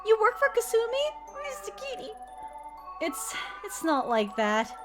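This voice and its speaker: A woman puts on a gentle, soft-hearted cat cafe owner from a game, anxious and pleading. The voice rides high above her usual one and swings a lot in pitch, with faint music behind. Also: wildly swooping pitch, unhurried, heavily acted. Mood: hurt.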